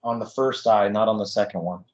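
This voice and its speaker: A man's voice: lowish voice, a little fast, lo-fi sound. A man in a Greek class, answering in short replies and reading out words. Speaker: student. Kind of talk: class discussion.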